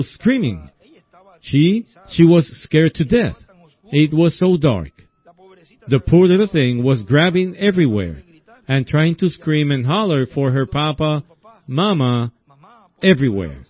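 A man preaching a sermon in a slow, folksy storytelling way, often asking his listeners "see?". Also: on the high side. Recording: dull lo-fi recording.

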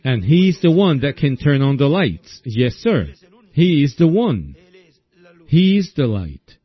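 A man preaching a sermon in a slow, folksy storytelling way, often asking his listeners "see?". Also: medium pitch, very animated, husky, dry recording. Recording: dull lo-fi recording.

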